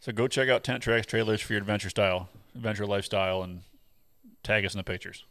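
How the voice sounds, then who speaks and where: A man's voice: on the low side, steady tone, fast, a bit bright, no echo. A man hosting a casual interview, joking and laid-back. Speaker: podcast host.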